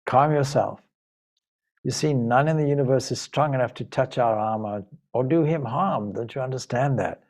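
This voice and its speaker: A man voicing a loyal young prince from an epic who gently but firmly reassures a frightened woman. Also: mid-range voice, lively intonation, moderate pace, natural voice. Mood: gentle, firm. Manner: gently reassuring yet firm.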